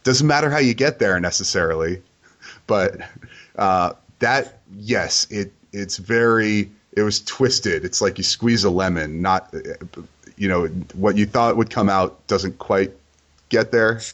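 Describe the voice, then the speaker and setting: A man's voice: on the low side, measured pace, fairly bright tone. A man hosting a casual interview, joking, teasing and crude. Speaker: podcast host. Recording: dull lo-fi sound.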